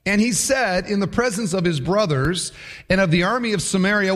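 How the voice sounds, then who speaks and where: A man's voice: high-pitched, a little fast. A man preaching a sermon, reading scripture aloud and acting out the mocking voices of the characters. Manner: animated preaching, voicing the taunts of biblical characters. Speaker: pastor.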